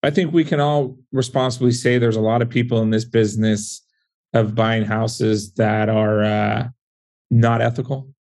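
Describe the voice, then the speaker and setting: A man's voice: medium pitch, steady tone, moderate pace, darkish tone. A man, a former police officer turned real estate investor, explaining in a casual podcast conversation with stories and frequent "right?" asides.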